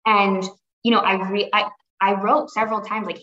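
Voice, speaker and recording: A woman's voice: mid-range voice, flat delivery, normal speed, bright, forceful tone. Earnest woman guest, roomy lo-fi sound. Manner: earnest and reflective, with frequent restarts. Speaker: podcast guest. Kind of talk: conversational interview.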